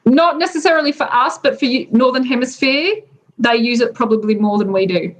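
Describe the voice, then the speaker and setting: A woman's voice: fairly high pitch, a little fast, rough recording. An Australian woman casually explaining slang expressions, chatty and laughing often between words.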